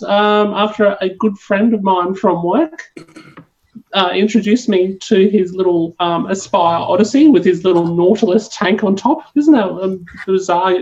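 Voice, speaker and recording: An Australian woman chats as a podcast guest, rambling and restarting her sentences with plenty of fillers. Her pitch sits in a middle range. The audio is dull and lo-fi. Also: a little mellow. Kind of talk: casual chat.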